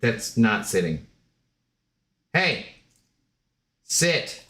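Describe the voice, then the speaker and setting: A man's voice: lowish voice, big pitch swings, drawn-out words, a bit bright. A man streaming a game in casual, rambling chat, joking with his dog and greeting viewers.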